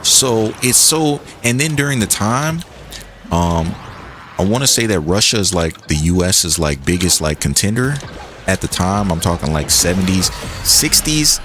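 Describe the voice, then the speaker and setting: A man's voice: deep voice, moderate pace, background noise. A young man chatting casually and joking with his chat while he plays a game on a stream. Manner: animated, joking, reads and answers chat. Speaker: gaming streamer.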